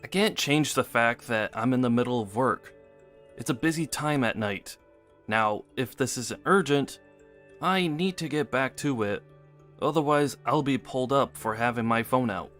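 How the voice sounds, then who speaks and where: A man's voice: mid-range voice, normal speed, fairly bright tone, faint music behind, close to an everyday voice. A man voicing a dismissive, careless husband. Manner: dismissive, offhand. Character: careless, lying young husband at work. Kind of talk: text-message drama reading.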